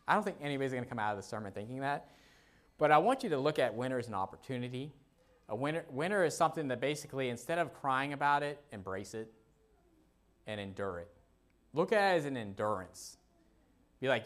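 A man's voice: medium pitch, lively intonation, fast talker, a bit bright. Man preaching a casual, folksy sermon. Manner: conversational, folksy preaching with playful asides. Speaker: pastor.

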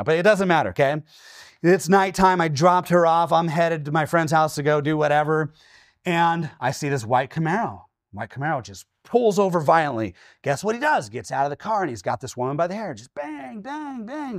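A pastor in his forties from Washington state preaching a sermon, telling stories with lively, acted-out quotes and often checking in with "okay?". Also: on the high side, fairly quick, no echo, studio quality. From Washington state, USA. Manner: animated storytelling, acting out his own quoted lines.

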